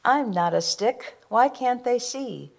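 A woman's voice: on the high side, expressive, slow pace, gravelly, darkish tone, voice pushed up, exaggerated voice. A woman voicing a small male stick figure, sing-song and plaintive in his refrain.

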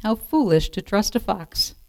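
A woman's voice: mid-range voice, animated, vocal fry, dry recording. A woman voicing a brave, firm little male mouse dentist in a read-aloud storybook. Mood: stern. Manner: firm, brisk, sometimes sharp.

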